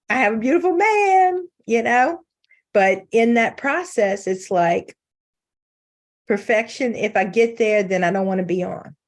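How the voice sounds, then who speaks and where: A woman's voice: on the high side, lively intonation, unhurried. A middle-aged woman giving an informal faith talk on a video call, candid and self-mocking, laughing often. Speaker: guest speaker.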